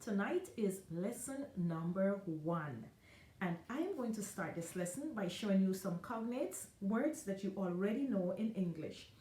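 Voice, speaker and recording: A woman who teaches Spanish, giving a careful online lesson and repeating each word slowly for the learner. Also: mid-range voice, expressive, mellow, reverberant. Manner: slow, careful, encouraging, repeats words.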